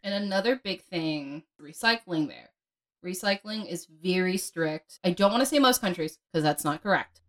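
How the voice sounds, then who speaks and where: A woman's voice: on the low side, animated, normal speed. A woman from the United States co-hosting a casual chat, sharing earnest, practical advice and recalling shared stories.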